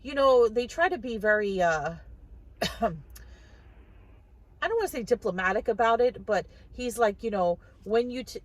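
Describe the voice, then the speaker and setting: Woman vlogger, casual first-person storytelling, chatty with frequent restarts, pitched on the high side. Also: expressive, a little slow, long pauses, no room sound, poor audio. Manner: chatty, restarts and repeats words, quotes others.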